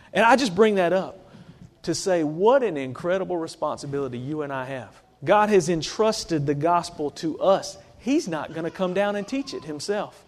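A man preaching in a church sanctuary, his voice sitting high for a man. He keeps the sermon conversational and often turns to his listeners with rhetorical questions. The sound rings with a long reverb from the big hall.

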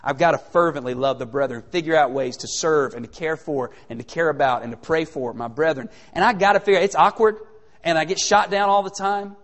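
The big-room acoustics carry a man's voice, which is on the high side, as he preaches a little fast. He talks conversationally and with animation, peppering the sermon with rhetorical questions.

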